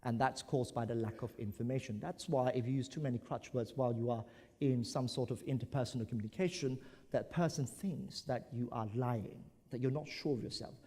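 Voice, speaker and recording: A man from Brunei giving an animated conference talk, acting out examples as he goes. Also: medium pitch, fairly quick. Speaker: conference speaker. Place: large conference hall. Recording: echoey conference hall.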